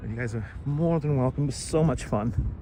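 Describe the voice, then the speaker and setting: A man's voice: medium pitch, normal speed, noisy background. A middle-aged man, chatting casually on a live stream as he bikes through a city park on a lapel mic, reading out and thanking viewers. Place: outdoors in a city park, riding a bike. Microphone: wireless lapel mic.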